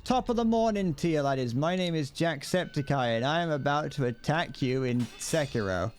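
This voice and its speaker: A man doing an exaggerated, boisterous Irish accent as a cheery greeting character, well above his normal pitch. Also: expressive, normal speed, faint music behind, close to an everyday voice. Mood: hammy. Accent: Irish, exaggerated put-on. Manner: hammy, boisterous.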